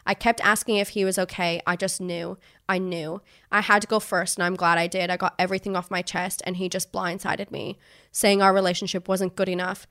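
A woman's voice: on the low side, level tone, a little fast, a bit bright. Emotional young woman telling a raw story. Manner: emotional, swears freely, acts out quoted voices. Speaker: podcast guest. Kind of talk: candid conversational storytelling.

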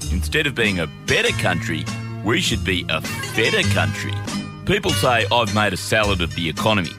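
Sketch: man playing a pompous politician, lively pitch, over a music bed. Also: fairly quick. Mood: blustering. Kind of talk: comedy sketch.

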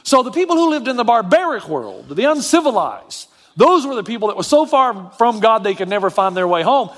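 A pastor delivering a sermon in a high, light voice. He preaches with animation, dropping low and quiet, then rising high to drive a point home. His voice carries a long reverb, as if from a large hall. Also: sing-song, a little fast.

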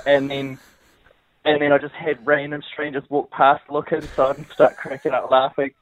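A man's voice: fairly high pitch, level tone, normal speed. A man calling in to a radio show, telling an embarrassing story hesitantly over the phone. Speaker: caller, then bar staff on phone. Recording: tinny phone line.

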